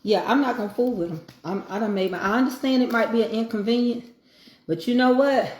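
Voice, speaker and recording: A middle-aged woman chats casually over her plate, drifting into preachy little asides. Her voice sits a bit high. The echoey room comes through around her. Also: brisk, a little mellow, a little hiss or hum. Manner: folksy Southern talk, preachy asides. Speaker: home cooking vlogger. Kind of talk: casual chat while eating.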